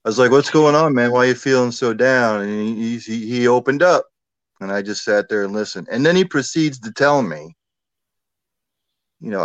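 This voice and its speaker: A man telling a personal story in a relaxed, conversational way, with many fillers and asides. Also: mid-range voice, moderate pace, no echo, highs cut off. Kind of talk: casual storytelling.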